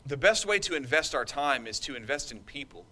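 This man preaches with passion and emphasis in a medium-pitched, expressive voice that sounds pushed and bright, moving fairly quickly. He breaks off now and then in call-and-response fashion, asking his listeners for an "amen."

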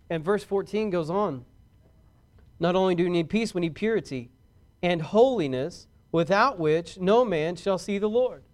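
Man, high voice, pastor preaching, folksy, builds in volume on key points. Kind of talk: sermon.

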